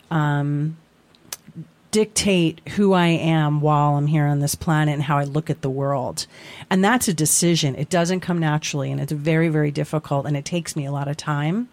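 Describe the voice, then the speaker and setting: A talk-show co-host speaking reflectively in casual conversation, pausing often with fillers. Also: mid-range voice, steady tone, a little mellow, dry recording. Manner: reflective, halting, many fillers. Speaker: podcast co-host.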